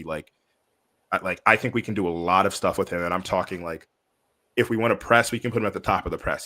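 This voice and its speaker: Low-voiced rambling podcast man. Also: pushed and bright. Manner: rambling, heavy on fillers. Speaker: podcast co-host. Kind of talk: casual sports podcast chat.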